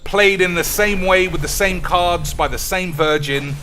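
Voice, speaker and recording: A man commentating his own card game in a sarcastic, foul-mouthed rant. His voice is slightly high and very bright and cutting. Faint music plays underneath. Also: measured pace. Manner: sarcastic, profane ranting. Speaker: streamer. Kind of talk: gameplay commentary.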